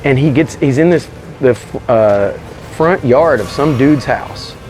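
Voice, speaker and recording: A man telling a story as an interview guest, animated and slangy, swearing freely. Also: mid-range voice, unhurried, soft background music. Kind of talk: casual storytelling.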